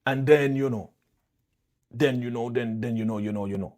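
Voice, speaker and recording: A man doing a gruff jailed Jamaican uncle. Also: mid-range voice, normal speed, darkish tone, lightly acted. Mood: bargaining. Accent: put-on Jamaican. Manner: growling, threatening, mocking impression. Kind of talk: comic impression in a reaction stream.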